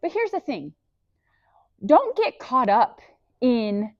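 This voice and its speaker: Excited lady coaching breathing exercises, encouraging, kinda muffled dry audio. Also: a little high, slow, dry recording. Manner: enthusiastic, encouraging, faith-based coaching. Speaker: breathwork instructor. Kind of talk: guided breathing lesson. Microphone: clip-on microphone.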